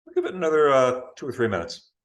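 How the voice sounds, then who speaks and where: A man teaching a yoga class over a video call, giving calm, unhurried cues for breathing and poses. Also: mid-range voice. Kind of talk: guiding a live online yoga class.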